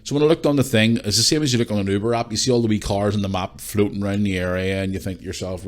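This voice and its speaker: A man's voice: on the low side, steady tone, racing, hardly any pauses. A man from Northern Ireland with a Northern Irish accent, hosting a podcast and rambling through a story with constant swearing. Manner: rambling, swears a lot, frequent restarts. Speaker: podcast host. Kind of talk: casual storytelling monologue.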